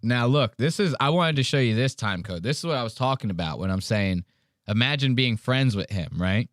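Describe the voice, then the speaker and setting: A man's voice: medium pitch, brisk, no room sound, clean studio sound. A man hosting a podcast, ranting in casual chat with lots of swearing. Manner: profane, ranting, animated. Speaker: podcast host.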